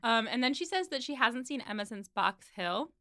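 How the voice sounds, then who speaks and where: A woman co-hosting a relaxed book podcast, her voice smooth and clean. She recaps the plot with a chatty ease and quotes the characters in quick voices. The sound is dry and close to the mic. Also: on the high side, no echo. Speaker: podcast co-host. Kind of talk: casual book discussion.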